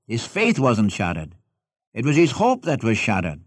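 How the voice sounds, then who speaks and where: A man's voice: fairly low pitch, huge pitch swings, normal speed, slightly rough, no room sound, studio quality. A man preaching a sermon who reads scripture aloud and puts questions directly to his listeners. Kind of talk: expository sermon.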